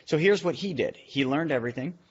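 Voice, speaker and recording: A man on a podcast explaining money and real estate with quick, energetic talk and side tangents. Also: on the high side, husky, highs cut off. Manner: fast, energetic explaining with asides. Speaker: real estate investor and teacher. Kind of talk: podcast discussion.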